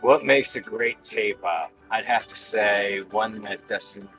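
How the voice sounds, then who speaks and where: Laid-back man, low voice. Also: slow pace, over music, low-quality recording. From Southern United States. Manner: laid-back, short joking answers with chuckles. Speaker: guest. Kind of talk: casual chat.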